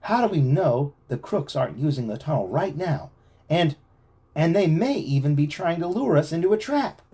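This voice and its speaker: A man's voice: a little high, sing-song, moderate pace, warm tone, slightly rough, voice pushed up. A man reading aloud at home, voicing a nervous teenage boy who stammers with worry. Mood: anxious. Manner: shaky, stammering. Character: nervous teen boy Chet.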